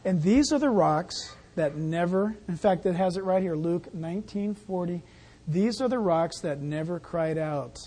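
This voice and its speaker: A pastor giving a sermon in an animated, jokey way, acting out the scenes. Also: medium pitch, measured pace, slightly rough.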